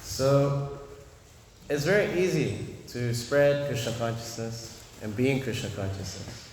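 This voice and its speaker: A man's voice: mid-range voice, a little slow. Man giving a scripture class in an echoey hall. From Australia. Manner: animated storytelling, acts out voices and chanting. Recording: echoey hall, faint room noise.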